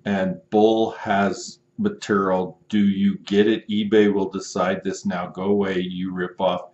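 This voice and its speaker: A man voicing a rude, angry male online buyer who reads out insults slowly and loudly, in a mocking tone. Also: deep voice, little pitch movement, reverberant, muffled recording. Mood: belligerent. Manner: slow, loud, mocking emphasis, repeated taunts.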